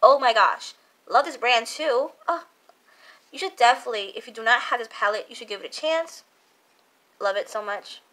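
A woman's voice: a little high, normal speed, a bit bright. A young woman chatting casually as a makeup vlogger, gushing and repeating herself, full of fillers. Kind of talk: casual chat reviewing makeup.

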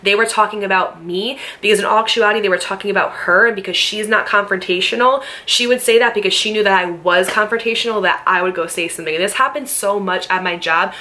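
A woman's voice: mid-range voice, fast, few pauses, sharp tone. A young woman telling a story to camera, heated, blunt and swearing freely, firing off rhetorical questions. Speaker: storytime vlogger. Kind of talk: casual storytelling.

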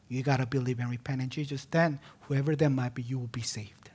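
A man preaching a sermon as pastor, repeating key words for emphasis and swinging between loud emphatic cries and hushed near-whispers. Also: medium pitch, fairly even intonation, brisk, hardly any pauses, breathy edge.

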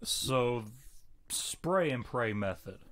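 A man's voice: mid-range voice, extremely slow. A man co-hosting a podcast in playful, joking banter, riffing on the story. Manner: playful, riffs on jokes, very animated. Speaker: podcast co-host. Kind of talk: casual banter.

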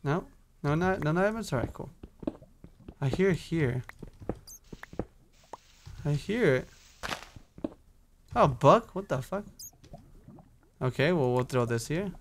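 A young gaming YouTuber chats casually over his own Minecraft let's play, talking to himself, humming and swearing as he goes. His voice is a little high and animated, he takes it slowly with long pauses, and there's a slight hiss or hum.

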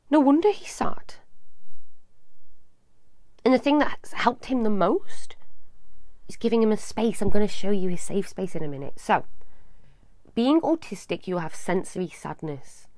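A woman, hosting a live advice talk for children, affectionate and animated. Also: medium pitch, unhurried, pauses often, no room sound, studio quality. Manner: animated, affectionate, addresses viewers as little loves. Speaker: advice show host.

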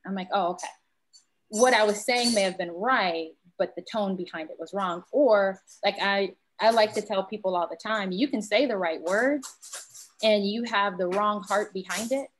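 A woman's voice: medium pitch, moderate pace, a little hiss or hum. A woman panelist in a round table discussion, talking candidly and acting out little exchanges with friends and family.

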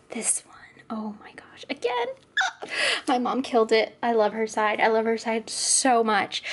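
A woman hosting her own coloring channel, gushing about finished pages in a casual show-and-tell, sometimes sinking to near-whispers. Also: a little high. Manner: gushing, enthusiastic, often drops to near-whispers.

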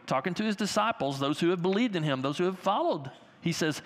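A man preaching a sermon as pastor, animated and talking to the children in his congregation with everyday examples. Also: fairly high pitch, fast talker. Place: church sanctuary. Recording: long hall reverb.

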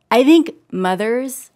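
Animated woman telling stories on a podcast. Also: fairly high pitch. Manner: animated storyteller, laughs often. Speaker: podcast guest. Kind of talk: casual podcast conversation.

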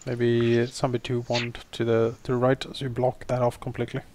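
A man narrating actions in a tabletop game in a relaxed, slow way. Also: medium pitch. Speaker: player.

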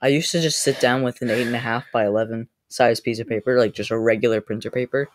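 A man's voice: mid-range voice, fairly even intonation, quick pace, no echo. Young man chatting, voice wearing out. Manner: easygoing, chatty. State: losing his voice. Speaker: podcast co-host. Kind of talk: casual chat.

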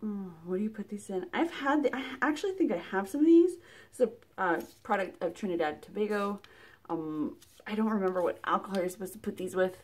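A woman's voice: mid-range voice, brisk. Chatty woman unboxing products. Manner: chatty, rambling, many fillers and restarts; excitable, exclaims at items. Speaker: product reviewer. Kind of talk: casual unboxing vlog.

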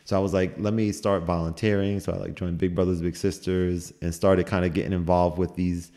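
A man's voice: deep voice, level tone, a little fast, creaky, mellow. A young man chatting casually as a podcast guest, rambling and repeating words as he tells stories, laughing at times. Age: young adult.

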